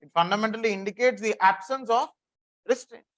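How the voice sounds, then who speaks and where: A man's voice: sits high, a little fast, a bit bright. A man with an Indian English accent teaching a classroom lecture. He repeats key phrases for note-taking and quizzes his students.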